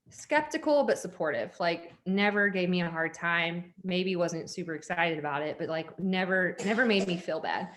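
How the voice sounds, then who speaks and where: A woman's voice: fairly low pitch, fairly bright tone. A woman in her thirties telling her personal story in a candid, chatty way, full of "like" fillers, at home with children nearby. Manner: laughs when uncomfortable. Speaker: network marketing leader. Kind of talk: personal story told to an audience.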